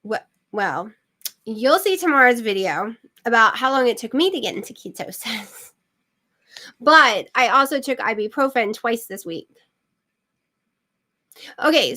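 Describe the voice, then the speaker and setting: A woman's voice: a little high, lively intonation, measured pace, bright, forceful tone. A middle-aged woman hosting her channel, chatting casually and rambling with lots of fillers. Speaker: channel host. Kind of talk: casual livestream chat.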